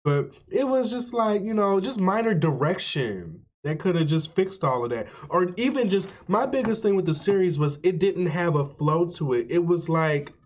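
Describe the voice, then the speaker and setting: A man's voice: high-pitched, expressive, normal speed, few pauses. A man hosting a gaming channel, giving chatty, opinionated, emphatic let's play commentary.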